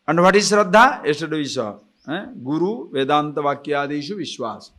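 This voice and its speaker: A man teaching scripture in a lively, animated way. He laughs often and keeps asking his listeners whether they follow. His voice sits fairly high for a man. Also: moderate pace. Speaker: spiritual teacher. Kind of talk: scripture discourse.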